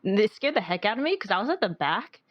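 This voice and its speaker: A woman's voice: medium pitch, very animated, quick pace, dry recording, highs cut off. A young woman co-hosting a podcast, telling a story in a rambling casual way with lots of "like". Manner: rambling storytelling, heavy use of "like". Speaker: podcast co-host. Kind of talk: casual chat.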